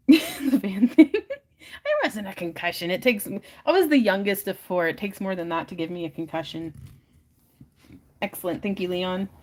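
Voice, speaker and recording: A woman's voice: mid-range voice, darkish tone. A young woman hosting a live stream auction, chatting casually, giggling often and reading viewer comments aloud.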